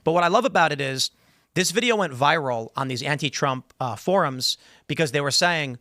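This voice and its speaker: A man hosting a political talk show, commenting in an animated, mocking way. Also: medium pitch, no echo, studio quality. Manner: animated, mocking, talks fast in bursts. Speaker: podcast host.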